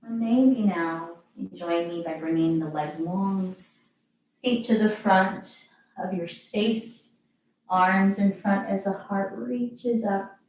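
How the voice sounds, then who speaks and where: A woman yoga teacher guiding a relaxation with soft, calm, encouraging cues. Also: mid-range voice, slow pace. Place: practicing at home. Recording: very echoey room, distant mic, music behind.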